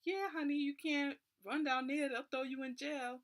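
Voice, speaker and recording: A woman's voice: sits high, steady tone, normal speed, pitched above the performer's own voice, close to an everyday voice. A woman voicing a kindly airline worker who soothes a stranded traveler and keeps calling her honey and sweetie. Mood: reassuring.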